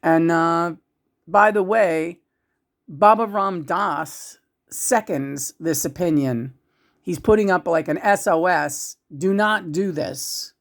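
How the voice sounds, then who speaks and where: This psychic channeler speaks slowly at a fairly low pitch, chatting casually about spirits. Her talk rambles with frequent restarts, alternating between loud and hushed.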